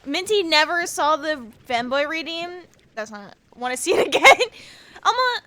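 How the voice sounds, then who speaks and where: A woman's voice: high voice, sing-song, moderate pace, pushed and bright. A young American woman streaming a video game, chatting casually and playfully with her viewers and laughing often. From United States. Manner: chaotic, playful, laughs often, teases chat. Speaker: VTuber streamer.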